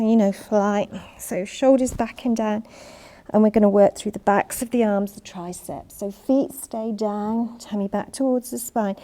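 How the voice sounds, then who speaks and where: Leading an online Pilates class, a woman instructor with a somewhat high voice calmly cues moves and counts reps, slightly out of breath as she exercises along. She's using a worn mic.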